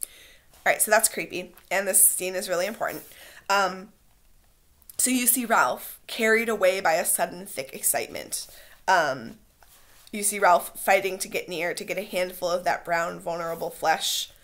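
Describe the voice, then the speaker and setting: A woman teacher reading a novel aloud to her class and pausing to explain it in a conversational way. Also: lowish voice, a bit bright.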